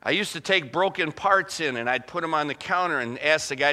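A middle-aged man preaching a sermon as pastor, telling folksy stories and slowing down to quote scripture. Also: medium pitch, sharp tone.

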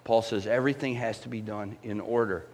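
A man preaching a sermon as pastor, emphatic and animated, swinging between loud swells and quiet drops. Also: lowish voice, a little fast.

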